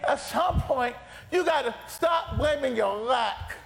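A male preacher in a church sanctuary, his voice set unusually high and delivered at a slow, drawn-out pace. He shouts his lines with a gravelly grit in his throat, and the sound rings through a long, reverberant hall over a faint congregation. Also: expressive, a crowd in the background. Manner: shouted, impassioned preaching with repeated phrases. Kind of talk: fiery sermon.

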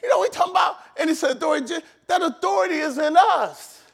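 A man pastor preaching a sermon, shouting and emphatic, repeating phrases for emphasis in a church. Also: very high voice, animated, fast, gravelly.

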